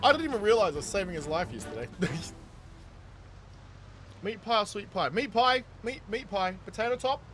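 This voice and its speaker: Nz guy streaming games, reads chat out and laughs a lot, sharp bright tone. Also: sits high, very animated, moderate pace, pauses often, faint music behind. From New Zealand. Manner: reads chat aloud and riffs on it, laughing often. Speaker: gaming streamer. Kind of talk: casual live-stream chat.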